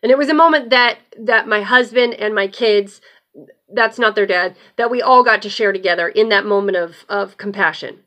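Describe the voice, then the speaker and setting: A woman hosting her own show, telling a personal story in a loose, animated way and swearing freely. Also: medium pitch, moderate pace. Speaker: host. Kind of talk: casual storytelling.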